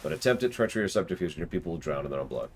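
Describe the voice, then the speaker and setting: A man's voice: low voice, lively intonation, racing, slight background noise. A man reading the part of a distrustful fish-man leader, formal and menacing.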